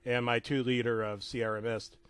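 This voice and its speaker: A man narrating a comedic creepypasta with rambling deadpan asides and stumbling restarts. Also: medium pitch, moderate pace, clear, resonant tone.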